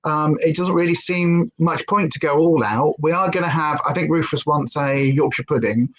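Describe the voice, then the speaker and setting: A woman's voice: low voice, moderate pace, slight background noise, low-quality recording. A woman chatting casually on a livestream, rambling and stopping to talk to her dog. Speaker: livestream host.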